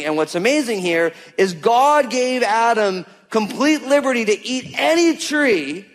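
A man with a notably high voice preaches to his congregation, casual and emphatic, slipping into quoted voices to make his points. His words ring out with a long reverb, as in a large church hall. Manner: conversational, emphatic, uses quoted voices for God and listeners. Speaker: pastor. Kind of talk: sermon.

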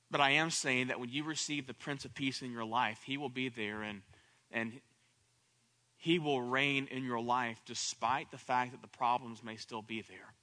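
A man's voice: mid-range voice, bright, forceful tone. A man preaching a sermon, repeating phrases and building to impassioned cries. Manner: repetitive, rising to impassioned cries at peaks.

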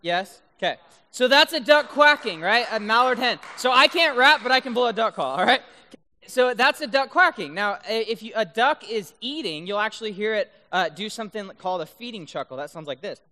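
A man giving a youth talk to high schoolers, playful and constantly checking in with the audience. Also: animated, fairly quick, pushed and bright. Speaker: youth speaker. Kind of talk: youth talk with duck call demos. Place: large room full of high schoolers. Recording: long reverb in a hall.

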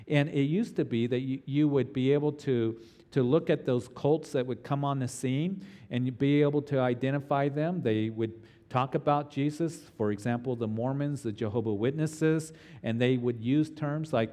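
A man's voice: medium pitch, moderate pace, warm tone, long reverb tail. A middle-aged man preaching an expository sermon as a pastor, earnest and emphatic, often restarting his phrases as he teaches.

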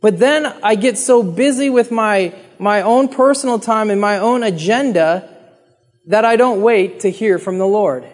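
A man's voice: high voice, unhurried. A man preaching a sermon in an earnest, conversational way, talking straight to the congregation and acting out pleading prayers. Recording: long reverb of a hall.

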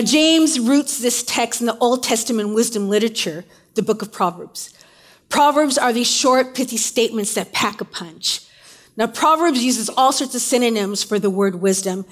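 New woman preacher, chatty sermon delivery, somewhat high pitch. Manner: conversational, uses casual asides and fillers.

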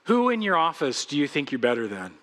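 A man's voice: fairly high pitch, huge pitch swings, brisk, a bit bright, long reverb tail. A man preaching a sermon as pastor, earnest and pleading as he speaks straight to his congregation. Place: church sanctuary.

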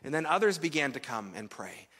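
A man's voice: on the high side, sing-song, a little fast, fairly bright tone, long reverb tail. A man preaching a sermon as pastor, telling a story in a loose, conversational way with fillers and restarts.

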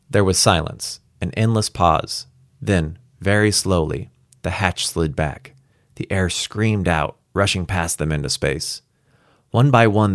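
A man's voice: deep voice, no echo, studio quality. A man reading a science fiction story aloud and then chatting casually about it, with fillers and laughs. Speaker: audiobook reader. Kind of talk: story narration and casual commentary.

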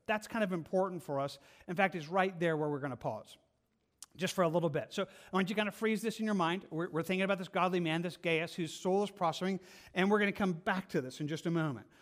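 A man preaching a sermon in an earnest, conversational way, with asides and restarts. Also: high voice. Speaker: pastor.

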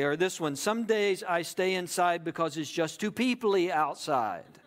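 A pastor preaches a sermon conversationally, frequently checking in with the audience by repeating "right?" His voice is fairly high in pitch and his pace moderate.

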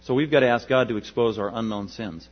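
A pastor preaching a sermon with emphatic rises to loud peaks and drops to quiet asides, his voice a bit husky. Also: medium pitch, brisk. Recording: dull lo-fi with mains hum.

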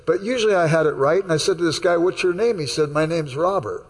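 A man's voice: on the high side, fast talker, breathy edge, big-room sound. A man preaching a sermon in a conversational way, telling stories and acting out the dialogue. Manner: conversational, anecdotal, acts out dialogue. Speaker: pastor. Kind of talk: sermon with storytelling.

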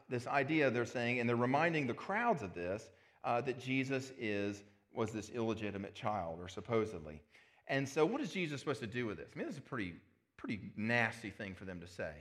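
A man's voice: lowish voice, fairly bright tone. A man preaching a sermon as pastor, conversational, with asides and rhetorical questions.

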